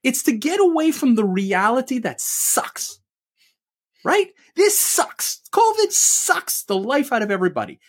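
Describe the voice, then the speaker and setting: Animated man ranting on a sports show. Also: very high voice, normal speed. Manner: emphatic, punchy, fond of rhetorical questions. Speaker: co-host of a sports opinion show. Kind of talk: ranting opinion commentary.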